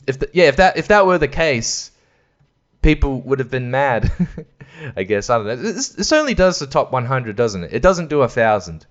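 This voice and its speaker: A man's voice: a little high, a bit bright, lo-fi sound. Sweary rambling man. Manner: sweary, rambling, laughs often, mimics voices. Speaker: podcast host. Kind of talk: casual solo chat.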